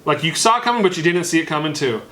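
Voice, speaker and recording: A man co-hosting a casual film discussion, talking in an animated, blunt way and swearing casually. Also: a little high, rapid-fire. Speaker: podcast co-host.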